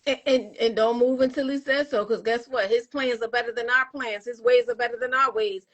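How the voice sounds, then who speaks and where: A woman's voice: on the high side, steady tone, fairly quick, fairly bright tone, muffled recording. A woman hosting a casual interview, encouraging her guest and speaking of faith. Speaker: talk show host.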